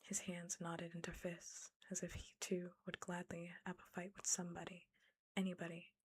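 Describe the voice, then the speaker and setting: A woman giving whispered ASMR storytelling, reading a novel aloud and breaking off into animated, incredulous asides. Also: fairly low pitch, moderate pace, slightly rough. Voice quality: unvoiced whisper. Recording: close mic, ASMR setup.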